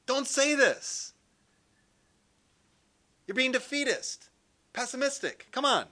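Guy doing a pushy young disciple, protesting hard, bright sharp voice. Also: extremely high pitch, animated, takes it slowly, voice pushed up, full character voice. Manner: emphatic, pushy pep talk. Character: brash young male disciple, eager and protesting.

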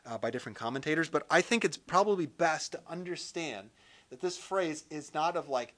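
A man teaching a Bible session in sermon style, animated and lively, acting out quotes with jokey asides. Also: fairly high pitch, fairly quick.

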